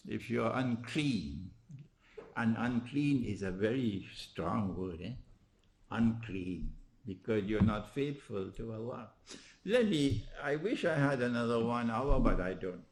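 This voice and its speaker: A man delivers a religious lecture in a mid-range voice. He leans on rhetorical questions and little prods of "huh?", chuckling at his own points. His delivery swings from emphatic peaks to low, quiet stretches. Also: expressive, measured pace, a little hiss or hum. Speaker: Islamic lecturer.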